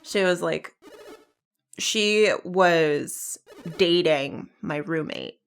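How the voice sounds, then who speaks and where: A woman's voice: fairly low pitch, drawn-out words, vocal fry, clean tone. A woman co-hosting a video game let's play, chatting casually and laughing often as she tells stories. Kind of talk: casual chat over gameplay.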